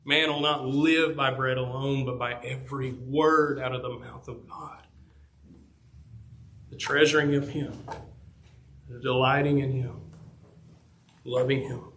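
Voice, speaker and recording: A man preaching a sermon to a congregation, earnest and emphatic, rising in volume on key points and dropping low on others. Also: little pitch movement, a little slow, pauses often, a bit bright. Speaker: pastor.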